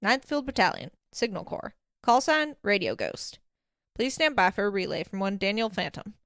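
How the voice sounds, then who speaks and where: Brief: woman doing a gruff, chipper ghost signalman with a slight Southern twang, dry close read. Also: mid-range voice, fast, a bit bright, dry recording, lightly acted. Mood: brisk upbeat. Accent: slight American Southern twang. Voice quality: rough, upbeat, formal radio talk. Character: cheerful middle-aged male radio ghost soldier.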